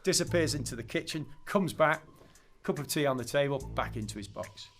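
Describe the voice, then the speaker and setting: A man's voice: medium pitch, brisk, faint music behind. A middle-aged man, a PE teacher, chatting as a podcast guest and telling a long joke with voiced characters. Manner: chatty, tells jokes with lively voiced characters. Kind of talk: casual interview chat.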